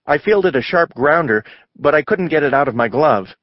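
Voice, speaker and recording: A man's voice: animated, normal speed, no room sound, lo-fi sound. A man voicing a shy, hesitant young schoolboy in a storybook reading. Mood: unsure. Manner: hesitant, higher voice.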